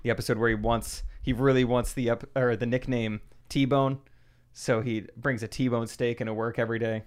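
A man's voice: medium pitch, flat delivery, normal speed, smooth. A young man co-hosting a casual podcast, easygoing and rambling as he explains. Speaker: podcast co-host. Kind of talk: casual chat.

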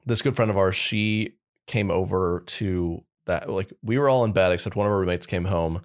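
Deep-voiced laid-back young man. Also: moderate pace. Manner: laid-back rambling storyteller. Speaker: podcast co-host. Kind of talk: casual chat.

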